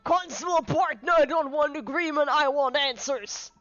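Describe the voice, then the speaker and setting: A woman's voice: sits high, moderate pace, fairly bright tone, dull audio, soft background music, voice pushed up. A woman voicing a stern, bossy male police inspector in a video game who barks orders.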